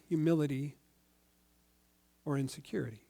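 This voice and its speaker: A male pastor giving a sermon in a conversational, animated storytelling way. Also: high-pitched, measured pace, long pauses.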